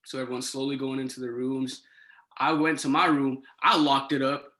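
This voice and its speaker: Bright, animated young man telling a story. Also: mid-range voice, moderate pace. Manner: animated, swings into excited quoted dialogue. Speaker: podcast guest, resident assistant. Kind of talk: casual storytelling.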